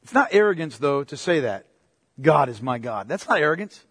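High-pitched, emphatic preacher man. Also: very animated, slightly rough, no echo, clean studio sound. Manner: emphatic, rising to forceful preaching, then dropping low and slow; addresses listeners as "beloved", asks pointed questions. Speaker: pastor. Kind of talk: sermon.

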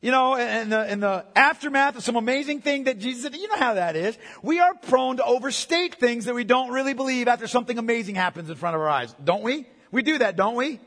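Male pastor, very high voice, emphatic sermon delivery with loud and hushed swings, long hall reverb. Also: lively intonation, fast, hardly any pauses.

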